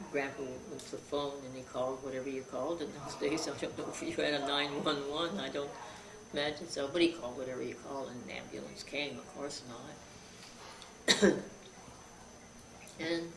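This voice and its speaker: A woman's voice: extremely low pitch, level tone, normal speed, long pauses. An older woman being interviewed, telling a childhood story and acting out the voices of the people in it. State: frog in her throat, coughing. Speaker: interview guest. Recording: roomy, distant, noisy 2001 tape.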